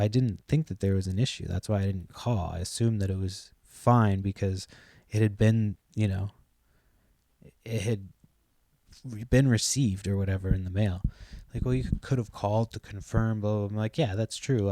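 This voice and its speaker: In a studio-quality recording without room sound, a young podcast host speaks in a fairly low, mellow, steady voice at normal speed. He tells a lengthy, meandering story, cursing freely and tailing off with "like" and "blah, blah."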